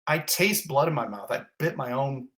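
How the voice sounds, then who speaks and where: A man of middle pitch recounts his own ordeal in a vivid, blunt, intense way. He swears now and then and piles up detail after detail. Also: animated, normal speed, fairly bright tone. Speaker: fire captain. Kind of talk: intense first-person retelling.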